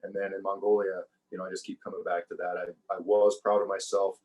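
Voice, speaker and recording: A man speaking as a podcast guest, talking in a relaxed, reflective way and often repeating words while he gathers his thoughts. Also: sits low, a little fast, rough recording. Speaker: podcast guest, former survival show contestant. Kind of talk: casual conversational interview.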